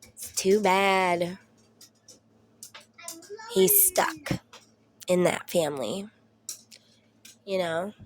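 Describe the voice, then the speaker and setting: A woman's voice: on the low side, slow, pauses often, a little hiss or hum. A woman in her thirties with a Southern US accent, chatting casually at home as a mom vlogger, rambling and swearing through her stories. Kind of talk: casual storytelling chat.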